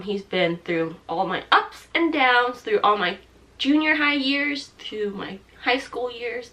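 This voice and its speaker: A young woman in her twenties speaks to camera in a bright voice, halting with fillers and restarts. She sounds tearful and her throat is thick with mucus, so she clears it now and then. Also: medium pitch. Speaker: vlogger. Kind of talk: personal talk to camera.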